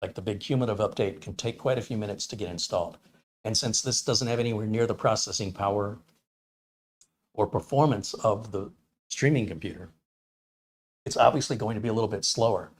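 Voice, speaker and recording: A man with a fairly low voice hosts a casual tech livestream. He chats easily with his viewers and reads out their comments. His delivery is loose and rambling, and he often thinks aloud. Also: fairly quick.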